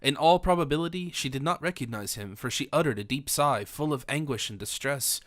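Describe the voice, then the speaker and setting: A man narrating a classic novel audiobook in a measured, formal way. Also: mid-range voice, a bit bright.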